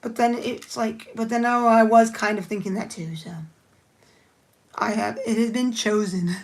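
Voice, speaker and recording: A woman's voice: a little high, steady tone, normal speed. Chatty woman livestreaming her nail art. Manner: chatty, rambling, thinks aloud while working. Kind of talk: casual live-stream chat.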